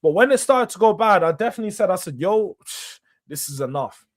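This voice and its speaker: A young man, hosting a casual late-night football live stream, slangy and animated, laughing as he reads viewer comments. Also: high-pitched, a little fast. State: tired, yawning late at night. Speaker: host.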